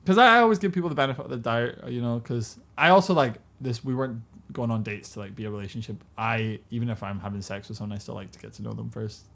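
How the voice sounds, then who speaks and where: A British man in his twenties, a podcast guest, chats candidly, laughing often and using plenty of fillers. His mid-range, slightly bright voice is creaky, with lively intonation, a quick pace, and hardly any pauses.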